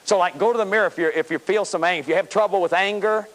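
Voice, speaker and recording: Speaking rapid-fire in a high, slightly bright voice, this fifty-something man lectures on healing the inner child. His self-help talk is emphatic, with repeated words hammering each point.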